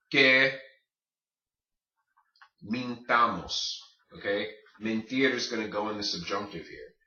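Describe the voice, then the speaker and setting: A man's voice: medium pitch, pushed and bright. A man teaching a Spanish grammar lesson, explaining step by step and asking his class rhetorical questions. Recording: distant, roomy, muffled.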